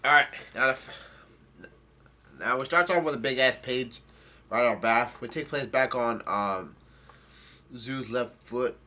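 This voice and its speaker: A man's voice: mid-range voice, measured pace, long pauses, bright, forceful tone. A man giving a loose, rambling recap of a comic chapter, stumbling over his words and restarting as he goes. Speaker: manga chapter reviewer. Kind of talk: casual chapter recap, reading lines aloud.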